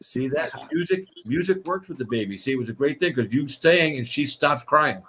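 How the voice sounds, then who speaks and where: A man's voice: fairly high pitch, animated, brisk, fairly bright tone, a little hiss or hum. A man hosting a casual live-streamed fighter interview show, effusive and rambling, with casual swearing.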